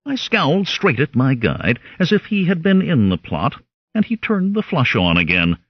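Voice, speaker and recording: Husky, lively male audiobook narrator. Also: a little high, normal speed, dry recording, muffled recording. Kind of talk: first-person audiobook narration.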